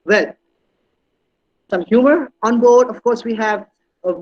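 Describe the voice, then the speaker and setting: Speaking slowly in an extremely high-pitched voice, a man delivers an online teacher-training talk as a guest speaker on language teaching. He's hesitant, full of fillers and restarts, and hits stressed words heavily when demonstrating them. The recording is muffled.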